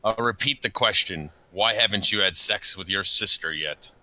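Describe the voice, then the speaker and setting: A man's voice: fairly low pitch, normal speed, pushed and bright, no echo, low-quality recording. A man voicing a stern, pompous male head of state with a mock-serious, lecturing delivery.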